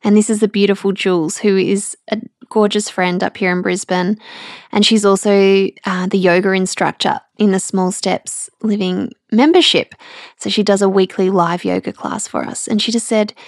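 A woman, hosting a personal podcast, speaking candidly and emotionally with halting restarts, close to tears. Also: medium pitch, little pitch movement, no echo. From Australia. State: tearful. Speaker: podcast host.

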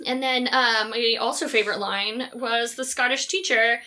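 Woman, casual movie-review chat, animated, jokey, high bright voice. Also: normal speed. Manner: animated, jokey, talks in long runs with many ums. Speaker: podcast co-host.

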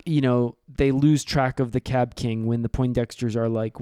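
A man co-hosting a comedy podcast, recapping an episode's plot in an animated way and slipping into silly voices. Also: medium pitch, normal speed, hardly any pauses, smooth, no echo, studio quality. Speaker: podcast co-host.

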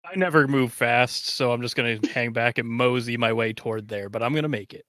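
A man's voice: medium pitch, a little fast, fairly bright tone, dry recording. A man playing a tabletop game, talking casually in an easygoing way. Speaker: player.

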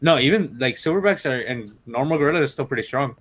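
A man's voice: mid-range voice, expressive, quick pace, fairly bright tone, slightly rough. A young man co-hosting a podcast, chatting casually and teasing his friends between laughs. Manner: joking, teasing, laughs a lot. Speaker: podcast co-host. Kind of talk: casual chat.

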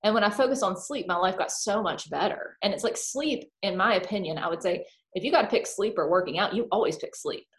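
A woman's voice: medium pitch, a little fast, few pauses. A woman talking casually and openly, full of "like" fillers, who acts out her own thoughts in quoted voices. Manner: chatty, animated, filler-heavy with lots of "like". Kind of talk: casual chat.

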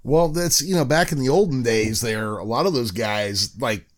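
A man's voice: mid-range voice, normal speed, a crowd in the background. A man hosting a casual chat in a laid-back way.

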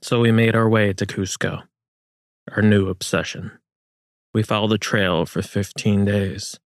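A man reading historical fiction as narrator in a measured, solemn manner. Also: low voice, no room sound, studio quality.

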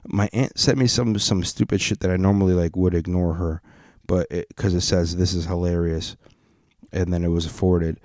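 A man's voice: low voice, steady tone, a little fast, darkish tone, dry recording, clean studio sound. A man in a casual, rambling rant full of swearing and restarts. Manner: rambling, profane, restarts a lot.

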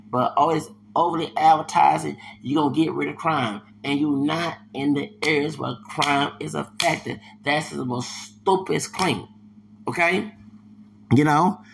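A man from Houston with a raised, gravelly voice lays into his subject in a heated podcast rant. He circles back on the same points again and again in loose, slangy talk. A faint hiss runs under his voice. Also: a little high. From Houston, Texas. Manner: heated, slangy, repetitive, with loud bursts of laughter. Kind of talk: ranting commentary monologue.

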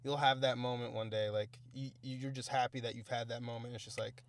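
A man's voice: medium pitch, little pitch movement, brisk, no echo. A young man co-hosting a casual podcast, laughing often and chiming in with jokes. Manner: laughs often, banters, profane. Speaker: podcast co-host. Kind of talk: casual chat.

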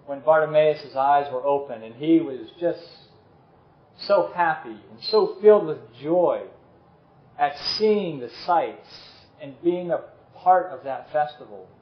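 A male preacher delivers a sermon at an unhurried, deliberate pace, his voice sitting a little high. He leans into earnest lines and lets the weightiest words fall quiet. The sound is roomy and echoing, slightly muffled. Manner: slow, earnest, dropping to soft intensity on key words. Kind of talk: sermon with closing prayer. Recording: echoey room, slightly dull sound.

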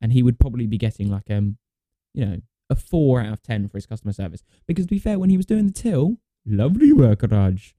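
A young man co-hosts a casual podcast with a very dark, mellow tone. His pitch swings around freely as he rambles through a story. His voice sounds close and dry. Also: animated, fast, hardly any pauses, no room sound. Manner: rambling storyteller, swears, laughs a lot. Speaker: podcast co-host. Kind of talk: casual chat.

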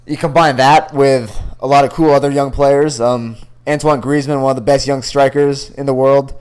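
A young man co-hosts a sports podcast from a computer call, joking freely and swearing as he talks. His voice is smooth and clear, with a medium pitch. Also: steady tone, moderate pace, darkish tone. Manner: loose, swearing, joking banter. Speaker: podcast co-host. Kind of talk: casual sports chat.

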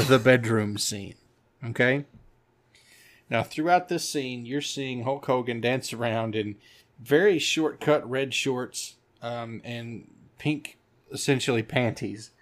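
A man co-hosting a casual movie-review podcast, telling scenes in an animated way and laughing often. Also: medium pitch. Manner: animated storyteller, laughs often, acts out quotes. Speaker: podcast co-host.

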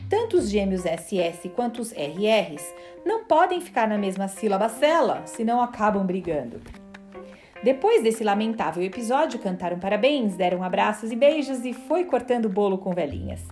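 Woman storyteller, gentle read-aloud, mellow voice, soft music bed. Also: medium pitch, very animated, fairly quick. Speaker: narrator. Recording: faint background music.

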